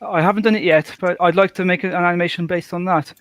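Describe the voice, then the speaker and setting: Hesitant British man, high voice. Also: fairly even intonation, fast, fairly bright tone, no echo. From Britain. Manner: hesitant, laughs often, self-deprecating. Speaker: guest. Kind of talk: casual video call chat.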